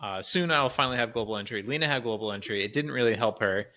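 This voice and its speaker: A man's voice: medium pitch, quick pace, bright, forceful tone. A man co-hosting a podcast, telling a rambling travel story in casual chat, laughing often. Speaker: podcast co-host.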